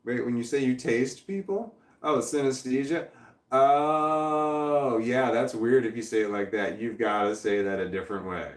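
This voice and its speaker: A man's voice: mid-range voice, normal speed, few pauses, echoey room. A man hosting a casual livestream, rambling and chuckling as he reads viewer comments aloud and trails off mid-thought. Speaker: livestream host.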